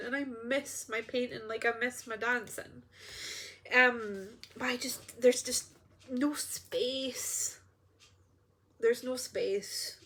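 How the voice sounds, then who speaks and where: A woman's voice: mid-range voice, fairly bright tone. A woman, an energy healer, talking casually and earnestly to her viewers, rambling and interrupting herself. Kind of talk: casual spiritual vlog.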